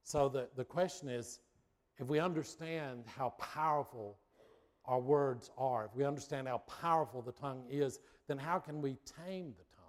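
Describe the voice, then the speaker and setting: A middle-aged male pastor giving a sermon, telling a lively personal story with suspense before drawing out his point. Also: medium pitch, normal speed.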